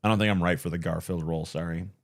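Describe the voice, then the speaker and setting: A man's voice: deep voice, fairly even intonation, rapid-fire. Rambling, cursing man on a late-night stream. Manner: rambling, profane, self-deprecating. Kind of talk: casual late-night livestream chat.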